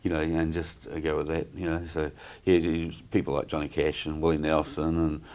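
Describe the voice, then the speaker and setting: A middle-aged man talks in a very low voice. He wanders through his stories, stopping and restarting often with plenty of ums. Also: monotone, a little fast, darkish tone. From New Zealand. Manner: rambling, many fillers and restarts. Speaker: guest entertainer. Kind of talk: casual interview chat.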